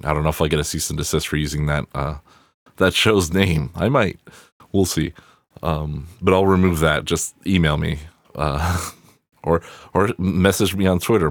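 Very deep-voiced, profane podcast host. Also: male voice, dry recording, clean studio sound. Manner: profane, wry, rambling asides. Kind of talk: casual solo movie review.

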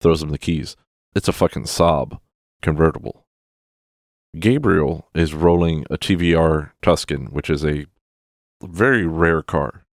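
Man, very low voice, dry close sound, sarcastic, swears a lot, casual rant. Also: a little slow, no room sound.

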